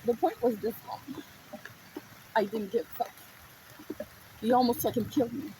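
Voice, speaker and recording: A woman's voice: a little high, moderate pace, warm tone, slight background noise, rough recording. A woman telling a personal story in a raw, emotional, profane way.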